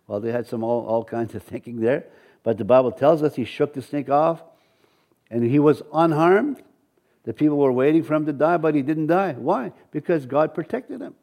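Preaching and reading from scripture, a male pastor with an Ojibwe accent often stops, starts over and leans on fillers. His voice is slightly high with a darkish tone.

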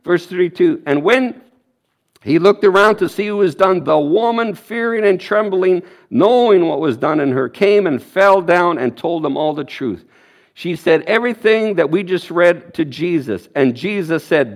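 A man's voice: high-pitched, animated, normal speed. A man preaching a sermon, quoting scripture with energy and emphasis.

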